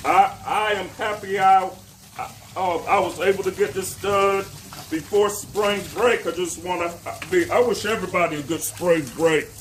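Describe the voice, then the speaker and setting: A man's voice: high-pitched, slight background noise. A man filming a casual how-to vlog on his phone, earnest and devout, often stammering and correcting himself. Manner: halting, stammering, self-correcting. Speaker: homeowner vlogger.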